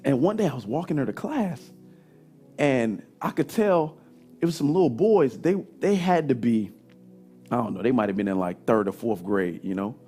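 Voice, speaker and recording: A middle-aged male pastor, preaching a sermon and telling a story, his husky voice swinging from loud emphasis to soft asides. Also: medium pitch, expressive, moderate pace, soft background music.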